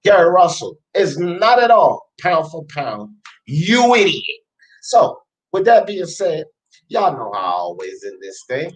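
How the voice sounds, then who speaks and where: A man's voice: on the high side, big pitch swings, unhurried, low-quality recording. Scornful man ranting about sports. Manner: scornful, emphatic, repeating insults. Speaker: sports talk show host.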